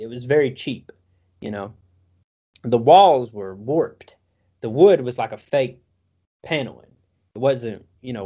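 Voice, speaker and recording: A man's voice: mid-range voice, darkish tone. A young man telling a rambling, profanity-laden story in a casual drawl.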